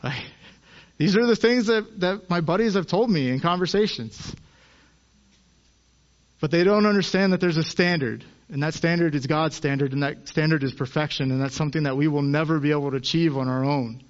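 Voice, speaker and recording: A man's voice: on the high side, a little fast, dull audio. A man preaching a sermon in an earnest way, his voice rising as he acts out the people in the stories.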